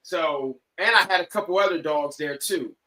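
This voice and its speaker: A man on a podcast telling a story casually, animated and profane, acting out what people said. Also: fairly high pitch, moderate pace, low-quality recording. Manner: animated, profane, acts out quoted lines. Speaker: podcast guest.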